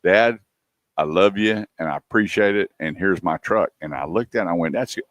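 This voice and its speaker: A man co-hosting a radio show, telling a lively story and acting out what people said. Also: low-pitched, brisk, no echo, studio quality. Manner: animated storyteller, acts out quotes. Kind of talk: casual radio chat and storytelling.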